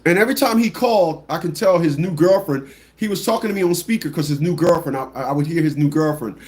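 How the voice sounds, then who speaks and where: A man hosting a livestream talk show, telling a story bluntly and mockingly, repeating phrases and mimicking people with shrill squawks. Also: fast talker, a little mellow. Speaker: radio show host.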